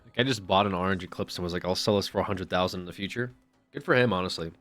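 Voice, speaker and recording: A man's voice: sits low, racing, fairly bright tone, soft background music. A man streaming live, chatting casually and rambling with profane jokes to his chat.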